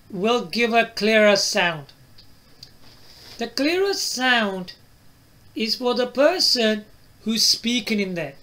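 A man's voice: very high-pitched, a bit bright. A man reviewing a phone to camera, asking the viewer questions and tagging his lines with "right?" and "yeah?". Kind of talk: product demo to camera.

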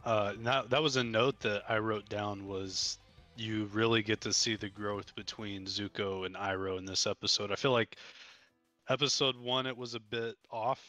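A man with a slightly low but bright, forceful voice, chatting as co-host on a casual podcast. He talks directly and agreeably, with faint music behind him. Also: fairly even intonation, moderate pace. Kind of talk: casual chat.

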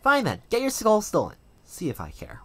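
A man doing a shrill young woman in falsetto. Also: huge pitch swings, normal speed, pushed and bright, heavily acted. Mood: worried. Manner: high falsetto, exclaiming. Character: young woman, fretful and excitable. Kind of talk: fan voice-over of a game.

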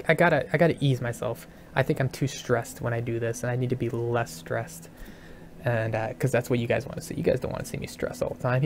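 A man giving a casual channel update as a gaming video maker, hesitant and repeating himself, calling his own voice monotone. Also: medium pitch, a little hiss or hum. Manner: hesitant, repeats words, says he sounds monotone. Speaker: gaming YouTuber.

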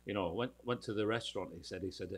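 A man's voice: lowish voice, fast talker. A British man telling a showbiz anecdote in casual podcast chat, acting out the voices of people in his story. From United Kingdom.

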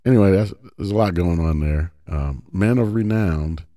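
Man, low mellow voice, informal Bible teacher, emphatic, restarts words, rhetorical questions. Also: normal speed, no echo, studio quality.

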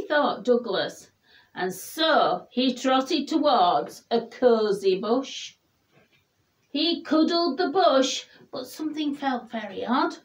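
A woman reading a children's picture book aloud in a gentle, expressive storybook voice. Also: high-pitched, slow pace.

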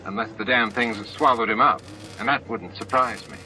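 A man's voice: lowish voice, a little fast, bright, forceful tone, poor audio. Man voicing a blunt, wry young technician woman.

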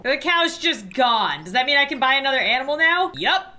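Bubbly, animated woman gaming. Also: high-pitched, measured pace. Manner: excitable, gasping and squealing at cute animals, playfully dark jokes. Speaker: gaming YouTuber. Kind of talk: playing a life sim game, commentary.

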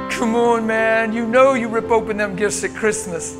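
A male preacher giving an emotional sermon to a congregation, moving between loud, urgent exhortation and hushed intensity. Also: high voice, a little slow, loud music behind the voice. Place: church meeting room before a congregation.

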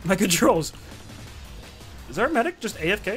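A young man giving excitable, swearing, self-mocking commentary while he plays a game. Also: sits high, normal speed, music in the background. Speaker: gamer. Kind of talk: casual gameplay commentary.

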